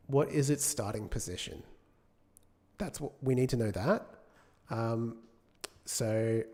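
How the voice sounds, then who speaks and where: Here a UK game developer narrates his live coding casually, reasoning aloud, self-correcting and chatting with his audience between tasks. His voice is mid-range with a dark tone.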